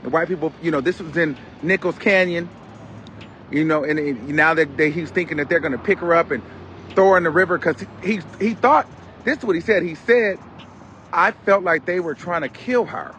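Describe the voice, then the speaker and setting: A man giving a casual, animated commentary, retelling events dramatically and with loud exclamations. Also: a little high, normal speed, slight background noise. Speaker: commentary host.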